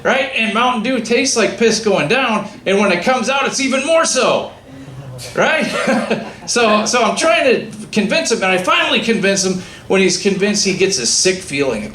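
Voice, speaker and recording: A man doing a stand-up comedy set, telling a story with lively acted-out dialogue. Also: sits high, moderate pace. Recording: echoey room with faint ambient noise.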